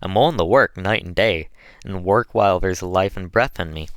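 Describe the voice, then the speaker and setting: A man's voice: low voice, fairly quick, clean tone, dry recording, lightly acted. Man doing a humble, steadfast field worker. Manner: quiet, respectful but firm.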